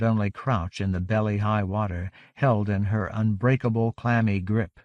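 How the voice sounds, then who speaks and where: A man's voice: lowish voice, steady tone, normal speed, few pauses, darkish tone, dry recording. Man narrating an audiobook, dry and close.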